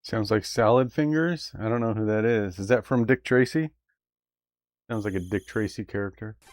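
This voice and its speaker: A man hosting a retro game live stream, chatting casually and haltingly with viewers. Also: lowish voice, dry recording. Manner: relaxed, halting, talks to chat. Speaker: streamer host.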